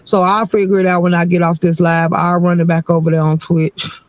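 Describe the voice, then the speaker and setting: A man's voice: high voice, flat delivery, brisk. A man hosting his live stream, rambling along in casual, laid-back chat.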